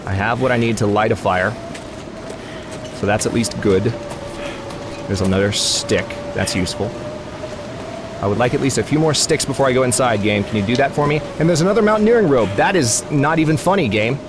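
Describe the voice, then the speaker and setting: A man's voice: mid-range voice, fairly quick. A man hosting a let's play, rambling through gaming commentary and grumbling at the game in exasperated asides. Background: game music.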